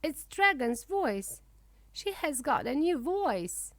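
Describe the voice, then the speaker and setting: A woman's voice: high voice, big pitch swings, takes it slowly, vocal fry, fairly bright tone, no echo, full character voice. A woman voicing a playful little ostrich girl who talks eagerly in a storybook reading.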